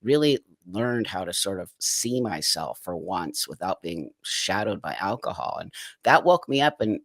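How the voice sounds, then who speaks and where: A middle-aged man with a deep voice, speaking at normal speed in a dry recording, tells his life story as an interview guest. He is frank and lively, sometimes acting out other people's voices in his anecdotes.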